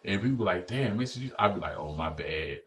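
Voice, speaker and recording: A man in his forties telling animated, profane barbershop stories as a podcast guest, acting out other people's lines. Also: low voice, fairly quick, a crowd in the background. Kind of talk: casual storytelling chat.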